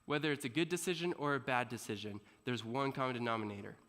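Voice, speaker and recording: A man giving a motivational talk to students, animated as he tells a story, often asking the audience questions and laughing. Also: mid-range voice, fast. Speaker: motivational speaker. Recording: long reverb in a large hall.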